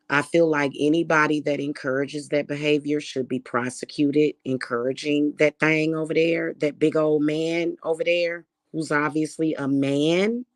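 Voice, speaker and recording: A woman's voice: low-pitched, no room sound, clean studio sound. A woman delivering a heated, profane vlog rant, repeating her points. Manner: heated, profane, repetitive ranting. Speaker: spiritual reader and vlogger. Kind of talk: angry monologue vlog.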